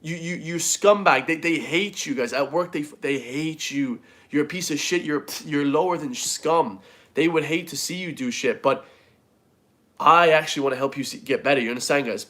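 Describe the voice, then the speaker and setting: A man's voice: on the high side, normal speed, a bit bright. A man ranting bluntly to camera as a fitness vlogger, swearing a lot and saying "guys" all the time. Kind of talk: casual rant to camera.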